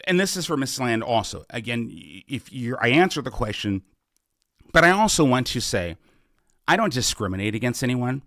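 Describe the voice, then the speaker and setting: A man's voice: mid-range voice, fairly bright tone, no room sound, clean studio sound. A middle-aged man hosting a live question-and-answer podcast, speaking earnestly and often restarting his sentences. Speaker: podcast host and political candidate. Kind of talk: live Q&A, casual campaign talk.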